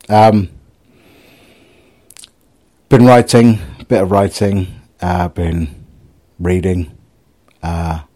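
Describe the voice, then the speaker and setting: Deep-voiced, husky man, middle-aged, for a rambling, sweary solo vlog. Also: mellow. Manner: rambling, self-mocking, sweary. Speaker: vlogger. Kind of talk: casual solo video diary.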